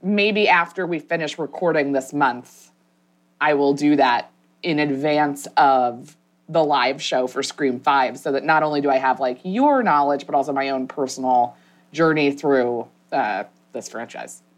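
A woman's voice: extremely low pitch, measured pace. A woman co-hosting a casual podcast, chatty and agreeable, laughing easily with her co-host.

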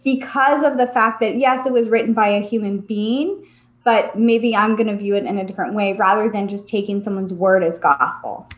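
A young woman co-hosting a casual spiritual chat podcast, earnest and reflective, dropping low to stress a point. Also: normal speed. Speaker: podcast co-host.

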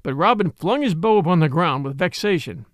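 A man narrating a classic adventure story in an expressive, dramatic reading. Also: on the high side, a little fast, dry recording. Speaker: audiobook narrator.

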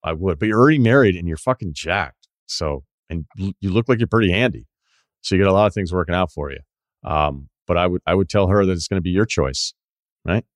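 A man's voice: deep voice, fast, dry recording, clean studio sound. A man hosting a podcast, ranting in a casual, sardonic and profane way. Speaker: podcast host.

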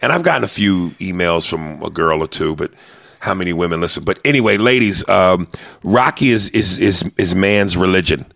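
Male comedian podcast host, very low gravelly voice, rambling and profane, dry sound. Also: normal speed, a bit bright, no room sound. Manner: rambling, profane, lots of restarts. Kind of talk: casual podcast chat.

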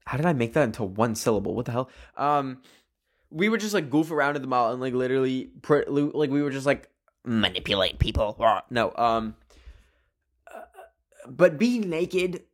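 A man's voice: mid-range voice, lively intonation, moderate pace. A young man rambling playfully through casual would-you-rather questions on his own video channel, with many fillers. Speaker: solo video creator.

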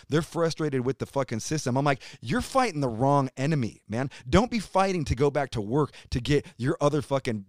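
A man's voice: a little high, no room sound. A middle-aged American man ranting heatedly and profanely in a casual interview chat. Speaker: podcast guest, metal musician.

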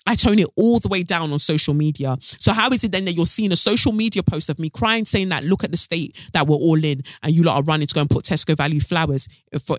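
A woman's voice: low voice, no room sound. A woman hosting her own podcast, speaking alone into a close mic in a blunt, fiery, swearing way. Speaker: podcast host. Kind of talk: solo podcast monologue.

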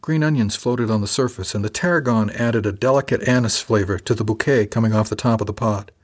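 A man narrating a first-person audiobook in a calm, even storytelling manner. His voice sits low and has a slight husky edge. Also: a little fast.

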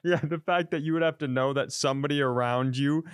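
A man's voice: on the high side, fast talker, clear, resonant tone, dry recording, studio quality. A man co-hosting a comedy podcast, swearing freely and laughing through his own stories in casual chat. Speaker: podcast co-host.

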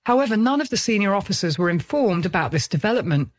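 A woman giving a scripted true crime narration in a measured, grave, matter-of-fact manner. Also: mid-range voice, big pitch swings.

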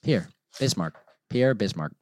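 A young man with a lowish voice chats on a podcast, joking and trying out mock accents. The sound is close and dry, with no room in it. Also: expressive, a little slow, no room sound. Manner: jokey, tries out mock accents. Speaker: podcast co-host. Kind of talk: casual podcast chat.

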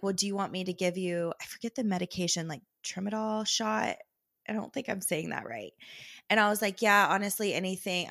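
A young woman, co-hosting a podcast and telling a story in casual chat, quoting people in lively voices and laughing often. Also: lowish voice, creaky, no echo, studio quality. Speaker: podcast co-host.

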